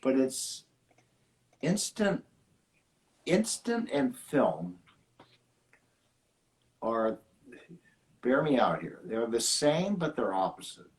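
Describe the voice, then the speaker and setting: An older man, a guest in a casual conversation, speaking thoughtfully with frequent pauses and fillers. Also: mid-range voice, big pitch swings, low-quality recording. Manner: thoughtful, halting, many fillers. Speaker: guest, film lab owner.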